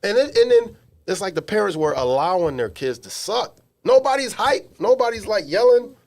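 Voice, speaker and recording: An animated man co-hosting a podcast, his voice sitting a bit high and swinging widely in pitch. He tells comedic stories in slangy, emphatic casual chat. He is recorded in a small studio. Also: moderate pace, creaky. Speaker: podcast co-host.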